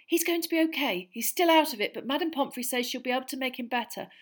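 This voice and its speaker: Brave teen boy, urgent and pressing, pitched up and loud, read by a woman. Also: expressive, quick pace. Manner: urgent, raised calls.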